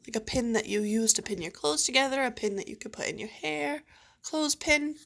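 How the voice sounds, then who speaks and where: Gentle teacher woman sounding out words. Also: fairly high pitch. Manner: slow, clearly sounding out words. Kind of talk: phonics lesson for young kids.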